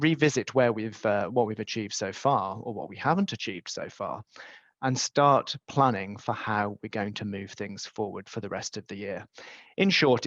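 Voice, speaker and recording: A man's voice: medium pitch, no room sound, dull audio. A man presenting a business webinar in a conversational way, with many ums and uhs. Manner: conversational with frequent fillers.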